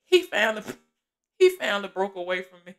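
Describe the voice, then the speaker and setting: A woman telling a story in a casual vlog, lively and laughing, acting out the people in it and calling listeners baby. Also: medium pitch, brisk. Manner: animated, laughing often, acting out quoted voices; Southern Black American vernacular, calls listeners baby.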